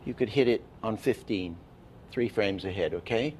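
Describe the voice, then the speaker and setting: A man's voice: on the low side, normal speed, a little mellow, slight background noise. A man giving an animation masterclass lecture, explaining with false starts and counting frames aloud. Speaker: animation teacher.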